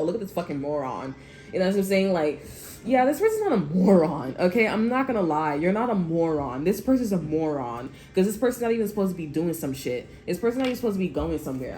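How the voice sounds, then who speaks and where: A woman's voice: medium pitch, warm tone. A woman giving a casual tarot reading to her viewers, talking bluntly and swearing often, and checking in with "okay?" again and again. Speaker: tarot reader.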